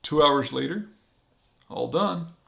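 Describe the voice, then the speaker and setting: A man chatting in a casual vlog, excitable and quick to restart his sentences, with some swearing. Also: a little high, vocal fry, husky. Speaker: comic artist vlogger. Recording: faint guitar music behind.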